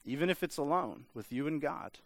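A man's voice: fairly high pitch, animated, a little fast, creaky. A man preaching a casual, conversational sermon, full of "like" and playful mimicry of voices. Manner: conversational, lots of filler "like", mimics voices for humor. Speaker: pastor.

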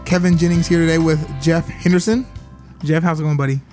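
Male podcast host, quick chatty delivery, slightly high voice, self-deprecating restarts. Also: fairly even intonation, music in the background. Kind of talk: casual interview chat.

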